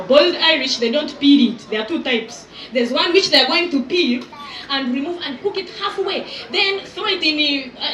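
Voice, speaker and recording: A woman in her thirties doing live stand-up crowd work as event host, teasing and exaggerating in an animated way. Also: high voice. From Uganda. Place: outdoor resort event with audience. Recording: echoey venue sound from far off.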